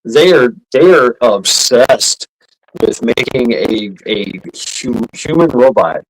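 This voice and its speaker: A man in a casual panel chat, excitable and quick to laugh and heckle. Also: medium pitch, a little hiss or hum, poor audio. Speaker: podcast panelist.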